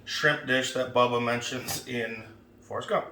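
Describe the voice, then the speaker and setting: Gravelly laid-back man, roomy far sound. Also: mid-range voice, steady tone, unhurried, bright, forceful tone. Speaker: co-host. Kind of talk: casual chat, comedy skit. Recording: roomy sound from a distant mic, faint noise.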